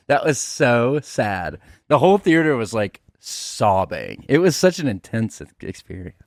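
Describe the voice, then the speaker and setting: A man chatting as a podcast guest, an animated storyteller who laughs a lot and acts out quotes. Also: mid-range voice, slow, no echo, clean studio sound. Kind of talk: casual chat. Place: podcast studio.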